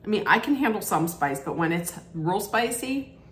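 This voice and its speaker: A woman's voice: medium pitch, lively intonation, moderate pace, slight background noise. A woman casually unboxing and taste-testing snacks for her vlog, chatty and candid, thinking aloud as she goes. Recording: roomy echo.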